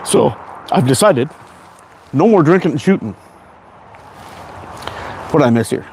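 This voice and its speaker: A man in his forties from Canada talks loosely and cheerfully, hosting a casual livestream and answering viewer comments one after another. His voice sits a bit high for a man, and he rambles and restarts as he goes. A faint hum of noise runs under the talk. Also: lively intonation, unhurried, long pauses, darkish tone. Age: 40s. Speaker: livestream host.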